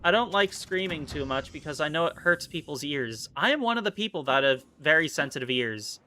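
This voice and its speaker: A male game streamer with a bright, sharp voice that sits a little high. He talks casually to his viewers and keeps slipping into playful, over-the-top mock-fury, his pitch swinging all over the place. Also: animated, brisk. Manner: playful, theatrical mock-rage rants. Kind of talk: casual live-stream commentary while playing.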